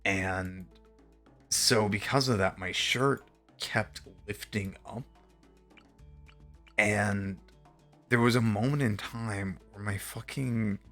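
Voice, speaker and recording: Low-voiced man telling an exasperated story. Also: sharp tone. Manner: exasperated, profane, rambling asides. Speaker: streamer. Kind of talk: casual storytelling to stream chat.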